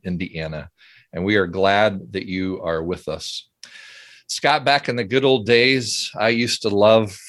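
A middle-aged man hosts a relaxed podcast conversation, leading it with a genial, chatty manner. His voice sits fairly low. He reads listener mail aloud between friendly asides. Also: no echo. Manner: chatty, genial, often chuckling. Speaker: podcast host, seminary professor. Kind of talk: casual podcast chat.

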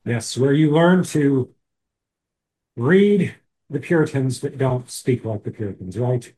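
A man's voice: mid-range voice, lively intonation, takes it slowly, dark tone. A man, co-hosting a casual podcast chat with joking asides and restarts. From Indiana. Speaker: podcast co-host.

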